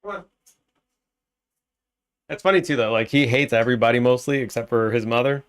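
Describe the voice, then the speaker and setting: A man's voice: mid-range voice, fairly quick, clean tone. A man streaming a game, casually thinking aloud and rambling between tasks. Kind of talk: casual gameplay commentary.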